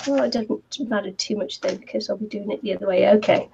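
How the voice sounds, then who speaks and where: A woman's voice: medium pitch, steady tone, fast talker, vocal fry, darkish tone, dull audio, a little hiss or hum. A woman from New Zealand hosting a casual craft chat on a video call, muttering self-deprecating asides as she works. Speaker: craft channel host.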